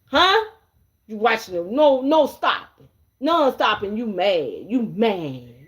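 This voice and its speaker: A fairly high-voiced woman doing a tarot reading on a livestream. She sounds brash and cursing, swaggering as she throws taunting questions at her viewers. She says lines twice over and laughs in their faces. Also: very animated, takes it slowly. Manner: profane, confrontational and swaggering, with mocking laughs; repeats phrases and calls out to viewers. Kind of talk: live-streamed card reading.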